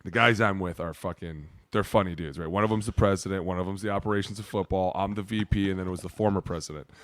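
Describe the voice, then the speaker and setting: A man's voice: deep voice, fast, no room sound. A man co-hosting a podcast, telling stories in casual chat, swearing freely and acting out both sides of the conversation. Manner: profane, animated storyteller acting out both sides. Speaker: podcast co-host, former pro football player. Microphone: studio microphone.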